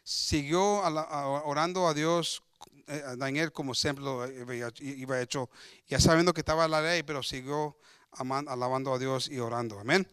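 A man's voice: mid-range voice, steady tone, fairly quick, a bit bright, clean tone, dry recording, studio quality. A man preaching, reading scripture aloud and retelling it in his own words with many repeats and restarts. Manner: switches between English and Spanish. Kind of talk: bilingual sermon, reading scripture and explaining.

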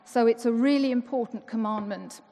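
A woman's slightly high, mellow voice moves at a normal speed as she gives a playful, chatty sermon in church. A church member rather than clergy, she poses rhetorical questions to the congregation, and the hall's reverb rings long.

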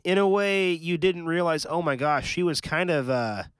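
A man co-hosting a podcast, chatting eagerly about a series in quick, animated bursts. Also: fairly high pitch, clean tone, no room sound. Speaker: podcast co-host. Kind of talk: casual chat.

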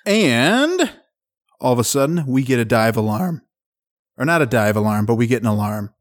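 A man's voice: mid-range voice, big pitch swings, normal speed, no echo, studio quality. A man co-hosting a podcast, chatting casually about a film in a laid-back way. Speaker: podcast co-host. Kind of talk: casual chat recapping a film.

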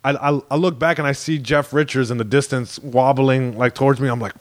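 A comedian guest from Long Beach, California, telling a story in casual podcast talk and acting out the voices of the people in it. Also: male voice, mid-range voice, a little fast. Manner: animated storyteller, acts out quotes, frequent swearing and restarts.

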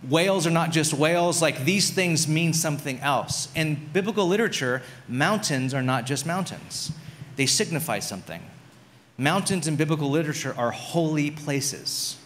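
A man gives a sermon in a relaxed, conversational style. His voice sits somewhat high for a man. He often repeats words and fills pauses with "like" as he works through his points. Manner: conversational preaching, frequent "like" and restarts. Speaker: pastor.

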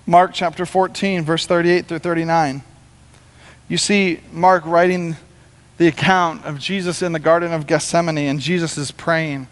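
High-voiced preaching pastor in a hall. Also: male voice, moderate pace. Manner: animated, conversational preaching with acted-out quotes. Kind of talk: sermon.

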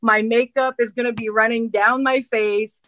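Bright-voiced woman, earnest singer on radio. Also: on the high side, steady tone, normal speed, low-quality recording. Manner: earnest, rambling with many restarts and fillers. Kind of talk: casual interview talk.

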